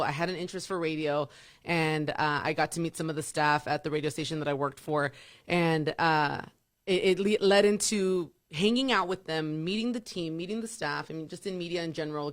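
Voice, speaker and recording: A woman in her thirties with a deep voice, a radio personality chatting as a guest and laughing easily. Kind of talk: casual interview chat.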